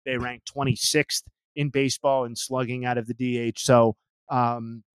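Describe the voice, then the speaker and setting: A man's voice: medium pitch, level tone, normal speed, smooth, dry recording. A man hosting a casual baseball podcast, talking through news with lots of ums and dry humor. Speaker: podcast host. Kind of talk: casual sports chat.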